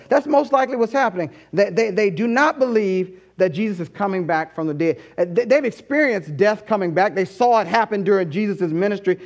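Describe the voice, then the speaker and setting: A male pastor preaching a sermon with animated storytelling and rhetorical questions. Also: high voice.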